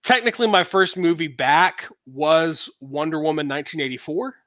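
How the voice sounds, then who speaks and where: A man's voice: on the high side, moderate pace, fairly bright tone, no echo, muffled recording. A man co-hosting a podcast in casual chat, rambling with fillers and restarts. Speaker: podcast co-host.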